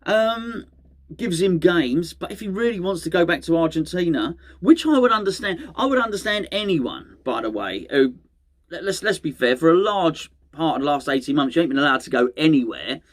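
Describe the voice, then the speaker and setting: A man's voice: a little high, animated, moderate pace. A middle-aged man, hosting a fan channel in rambling, chatty solo talk that often corrects itself mid-sentence. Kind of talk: casual solo fan chat to camera.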